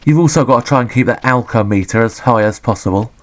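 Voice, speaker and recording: A man giving sweary, deadpan, sarcastic commentary on a retro game. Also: medium pitch, fast talker.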